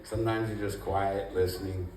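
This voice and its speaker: A man's voice: low voice, level tone, normal speed. A man doing a laid-back, rambling stand-up set in a comedy club, self-deprecating and full of "you know". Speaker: first-time stand-up comedian. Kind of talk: stand-up routine. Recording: echoey club room, mic at a distance, noisy.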